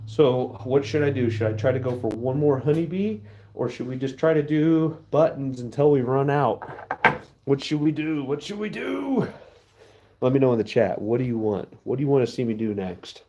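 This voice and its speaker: A man's voice: medium pitch, dark tone, highs cut off, slight background noise. A man casually chatting with his live-stream viewers while he works, laid-back and chatty. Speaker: livestream host pouring metal.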